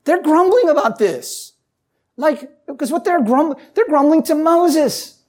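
A woman preaching a sermon who reads scripture aloud and asks the listeners questions. She climbs to emphatic peaks, then drops low and quiet. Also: lively intonation, unhurried.

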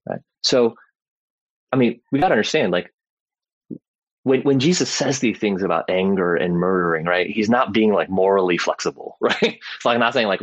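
A man's voice: fairly low pitch, normal speed, no room sound, lo-fi sound. A man and father giving a casual Bible teaching, talking conversationally and often checking in with "right?" along the way. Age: adult parent. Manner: conversational, tags sentences with "right?", frequent "like" and "you know".

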